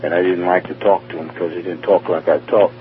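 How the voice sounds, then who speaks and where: Speaking a little fast in a low, level voice, a New Yorker with a local accent shares his testimony, wandering and repeating himself as he performs conversations. The tinny, phone-style radio sound carries a bit of hiss or hum.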